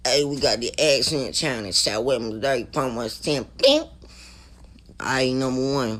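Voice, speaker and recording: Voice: medium pitch, sing-song, normal speed, fairly bright tone. A person casually narrating a pet video, counting down a numbered list. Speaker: pet owner.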